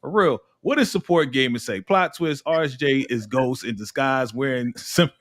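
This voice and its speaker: A man hosts a laid-back TV episode review in a mid-range voice. He talks in an animated way, laughs often and lets his voice leap up and sink low. The tone stays casual and chatty throughout. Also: normal speed. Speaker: host of a TV recap show.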